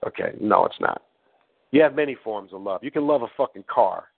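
A man's voice: lowish voice, animated, brisk, gravelly. A man hosting a talk and teaching in a blunt, preachy way, swearing as he goes. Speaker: host. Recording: tinny phone-like line.

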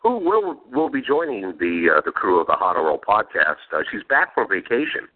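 A man's voice: lowish voice, sing-song, normal speed. A male podcast host telling profane family stories in casual chat and laughing between lines. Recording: phone-like narrow sound.

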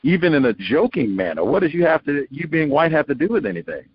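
A man with a fairly high, very animated voice talks fast as he hosts a radio talk show, rambling through his thoughts and slipping into quoted voices with little laughs. It's conversational call-in commentary, heard through a muffled broadcast with faint noise.

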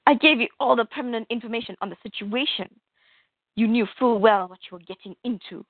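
A woman's voice: fairly high pitch, fairly quick, dry recording. Woman reading as a snooty upper-class boy. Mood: condescending. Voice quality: sophisticated, upper-class delivery. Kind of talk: reading comic dialogue aloud. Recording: tinny phone-like line, dry.

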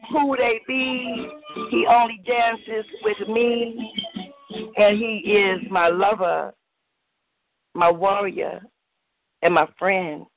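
High-voiced man performing spoken word. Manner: rhythmic, chanting delivery. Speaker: poet. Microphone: video call. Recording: muffled phone-like call line with faint noise.

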